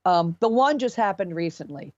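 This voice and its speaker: A middle-aged woman from near Philadelphia, a singer telling gig stories as a podcast guest, animated and chatty with many restarts. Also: fairly low pitch, moderate pace, no echo, highs cut off. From near Philadelphia, USA. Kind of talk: casual storytelling.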